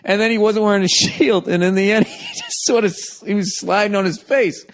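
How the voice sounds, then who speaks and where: A man hosting a podcast who spins a story with loose, profane comedy. His voice sits a bit high for a man. He talks casually and keeps laughing at his own tale. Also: a little fast. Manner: profane, animated, breaks into laughter. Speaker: podcast host.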